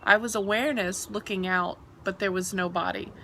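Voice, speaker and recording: A woman's voice: medium pitch, steady tone, moderate pace, vocal fry, bright, forceful tone, slight background noise. A woman earnestly describing her own near-death experience in a reflective, explanatory way. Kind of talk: reflective personal storytelling.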